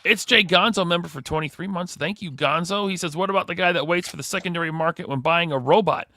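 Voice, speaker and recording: Bright-voiced New England host, high pitch. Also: male voice, fast. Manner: reads viewer super chats aloud, laughing a lot. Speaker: podcast host. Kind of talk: casual live-stream chat.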